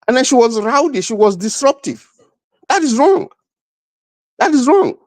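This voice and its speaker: A man's voice: very high voice, sing-song, moderate pace, no room sound. A middle-aged man, arguing emphatically as a panel guest and repeating himself. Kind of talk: heated debate.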